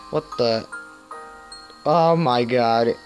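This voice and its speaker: A man's voice: medium pitch, extremely slow. A man giving casual reaction commentary to a cartoon, rambling, giggling often and stumbling over his words. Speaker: video reactor. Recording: loud music from the video underneath. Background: loud cartoon soundtrack music.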